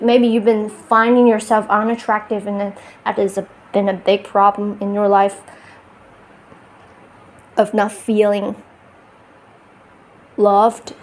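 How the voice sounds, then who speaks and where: A woman with a non-native English accent, sitting on her bed and talking to her phone in a reflective self-help monologue, often restarting and laughing at herself. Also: high-pitched. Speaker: spiritual vlogger.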